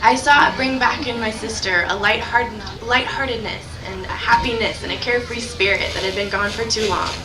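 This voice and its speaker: A young woman speaking to a crowd for a charity, her voice squeaky because she is sick, enthusiastic and heartfelt. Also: moderate pace, few pauses. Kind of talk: speech to a crowd. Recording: echoey and distant in a noisy crowd. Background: crowd noise.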